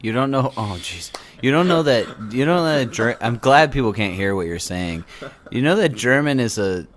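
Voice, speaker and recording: A man's voice: mid-range voice, lively intonation, moderate pace. A man hosting a casual podcast chat, joking and rambling with many restarts. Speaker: podcast host.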